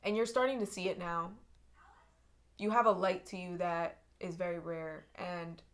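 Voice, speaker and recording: A woman's voice: lowish voice, steady tone, normal speed. A young woman giving an intuitive tarot reading to her viewers, earnest and emotional, often repeating and restarting her phrases. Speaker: tarot reader.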